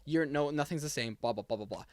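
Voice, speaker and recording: A young man on a podcast telling a long story, animated and acting out both sides of the conversation. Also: medium pitch, quick pace, dry recording, studio quality. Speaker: podcast co-host. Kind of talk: casual storytelling.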